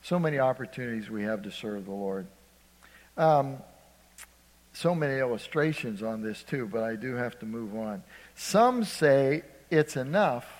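An older man from Ohio preaching a sermon, shifting between loud emphasis and hushed, conversational storytelling. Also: mid-range voice, long reverb tail. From Ohio, USA.

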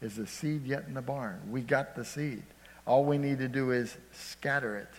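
A man preaching a sermon as pastor, calling out "Amen?" to the congregation and swinging between loud emphasis and hushed storytelling. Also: medium pitch, moderate pace. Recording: long hall reverb.

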